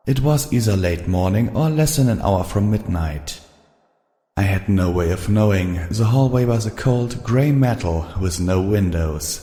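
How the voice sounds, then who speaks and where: A man narrating an audiobook in a steady, measured storytelling voice. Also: low-pitched, breathy edge, dry recording, studio quality. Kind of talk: scripted narration.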